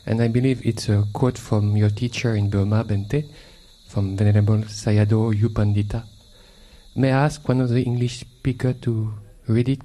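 Mellow French monk, polite and hesitant. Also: male voice, on the low side, steady tone, moderate pace. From France. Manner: polite and hesitant, with many fillers. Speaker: Buddhist monk.

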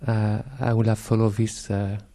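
A man's voice: on the low side, monotone, moderate pace, dark tone. A man from France with a French accent, a Buddhist monk who speaks politely and hesitantly in English, with many fillers.

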